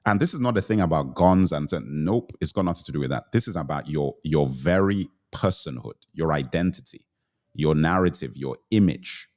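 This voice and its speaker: A middle-aged man hosts a live online discussion in a very deep voice. He speaks earnestly and emphatically, repeating key phrases to drive his point home. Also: lively intonation, normal speed, darkish tone. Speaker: livestream host. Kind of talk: livestream panel discussion.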